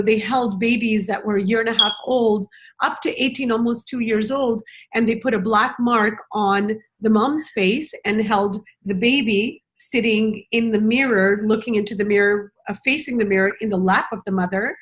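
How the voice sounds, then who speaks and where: A woman's voice: mid-range voice, steady tone, normal speed. A middle-aged woman speaking as a parenting educator in a conversational conference talk, reflective and earnest, with many "you know" fillers.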